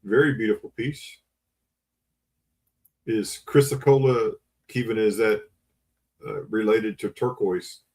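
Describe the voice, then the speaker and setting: A man's voice: on the low side, slow pace, long pauses, a little mellow. A man hosting a live online auction, repeating bids and coaxing buyers with auctioneer patter. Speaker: livestream auction host.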